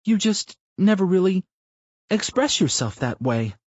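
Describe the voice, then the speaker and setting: A man voicing a playful adult wife who teases her husband in a raised, lively voice, in a slightly muffled recording. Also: high-pitched, unhurried, dry recording, voice pushed up, exaggerated voice. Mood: surprised. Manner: teasing, lively.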